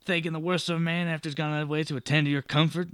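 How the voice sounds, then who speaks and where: A man's voice: fairly high pitch, level tone, racing, fairly bright tone, smooth, no echo, clean studio sound, close to an everyday voice. A man doing a spiteful surly coach driver. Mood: resentful. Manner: spitting, resentful.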